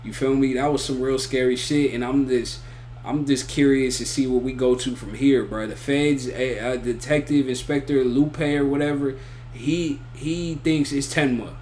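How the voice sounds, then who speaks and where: A man's voice: mid-range voice, fairly even intonation, moderate pace, darkish tone, a little hiss or hum. A man giving a casual, rambling spoken review of an anime, full of slang and repeated "you feel me" and "bro". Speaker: anime reaction YouTuber.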